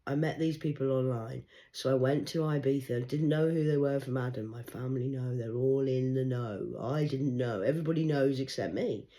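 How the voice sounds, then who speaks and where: A woman, reading tarot cards in a rambling livestream monologue, swinging between loud urgency and hushed murmurs. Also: very deep voice, moderate pace, hardly any pauses. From England. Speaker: tarot card reader.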